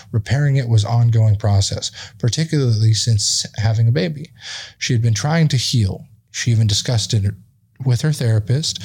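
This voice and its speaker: A man's voice: mid-range voice, a little mellow. A man hosting a podcast, reading a magazine article aloud in a casual tone, with offhand asides and stumbles. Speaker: podcast host. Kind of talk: casual read-aloud commentary.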